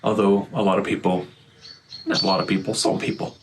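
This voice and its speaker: An Irish man musing earnestly in a casual monologue, recorded outdoors in the morning with loud birdsong behind him. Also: sits low, little pitch movement, brisk, a little hiss or hum, rough recording. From Ireland. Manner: thoughtful, earnest, building to heated. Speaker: vlogger.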